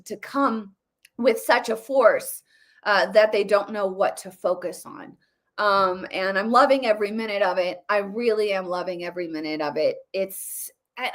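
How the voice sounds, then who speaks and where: A middle-aged American woman hosting casual political commentary, talking excitedly with frequent repeats and restarts. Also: mid-range voice.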